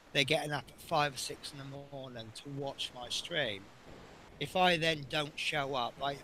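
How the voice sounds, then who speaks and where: Chatty, bright-voiced man rambling. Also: medium pitch, slight background noise. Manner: rambling and anecdotal, chuckling often. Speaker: bus driver and streamer. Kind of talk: casual chat while building a model.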